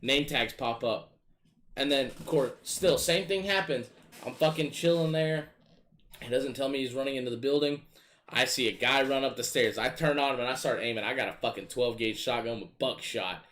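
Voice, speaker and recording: A man casually telling gaming stories in a profane, animated, exasperated way. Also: mid-range voice, normal speed. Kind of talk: casual storytelling chat.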